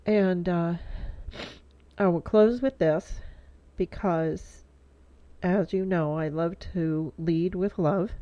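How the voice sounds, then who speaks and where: A woman's voice: lowish voice, takes it slowly, pauses often, mellow, no room sound. A middle-aged woman vlogging in a casual heartfelt monologue, rambling with lots of fillers, stuffy-nosed and teary. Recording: dull lo-fi dry sound.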